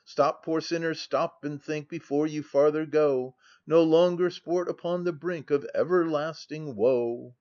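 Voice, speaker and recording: Man doing a rowdy, mocking club gentleman. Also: fairly high pitch, fairly even intonation, a little slow, hardly any pauses, lo-fi sound, natural voice. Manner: mock-preaching, boisterous.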